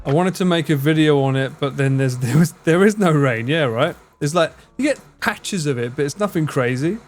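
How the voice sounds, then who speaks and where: A man's voice: on the high side, expressive, normal speed, soft background music. Joking Essex man streaming. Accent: Essex English. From Essex, England. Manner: joking, teasing, answers chat messages. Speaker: live streamer. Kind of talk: casual chat with viewers.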